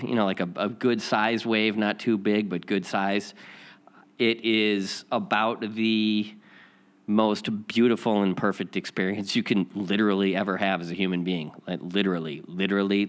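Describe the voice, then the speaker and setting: Casual male lesson host, lower voice, rambling storyteller. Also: a bit bright. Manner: rambling, many restarts and repeats.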